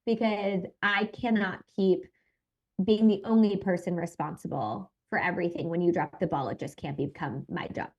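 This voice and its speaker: Woman, 30s, podcast guest; animated, emphatic storyteller who acts out quotes. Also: fairly low pitch, moderate pace, lo-fi sound. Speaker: podcast guest, content creator. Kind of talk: personal storytelling in conversation.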